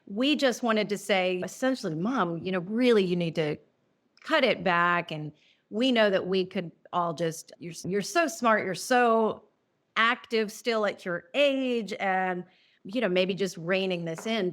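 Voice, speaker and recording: A middle-aged woman, an interview guest telling a personal story, earnest and emotional, halting and restarting often. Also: mid-range voice, fairly bright tone. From New Orleans.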